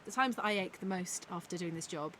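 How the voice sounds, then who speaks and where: Give me a chatty woman co-hosting a podcast, low-voiced, with a faint hum behind. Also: fast, fairly bright tone. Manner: candid and chatty, lots of fillers. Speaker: forest school leader and co-host. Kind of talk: casual podcast chat.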